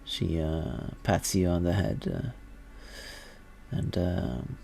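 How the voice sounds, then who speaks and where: Brief: male game master, low voice, slow halting second-person narration. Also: fairly even intonation, creaky, mellow.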